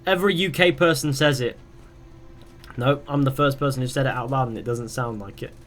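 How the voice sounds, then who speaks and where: A young man casually chats on a live game stream, reading his audience's questions out before rambling through the answers. He talks briskly, at medium pitch, with a fairly bright tone.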